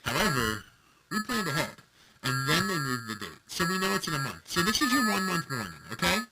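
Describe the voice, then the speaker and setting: A man's voice: fairly high pitch, big pitch swings, fairly quick, loud music behind the voice, poor audio. A man co-hosting a casual beer podcast, joking and running himself down. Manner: jokey, self-deprecating banter. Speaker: podcast co-host.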